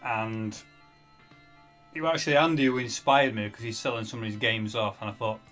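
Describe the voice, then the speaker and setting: A man's voice: on the low side, steady tone, a little fast, fairly bright tone. Male streamer, casual muttering delivery, faint music underneath. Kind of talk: casual live-stream chat while gaming.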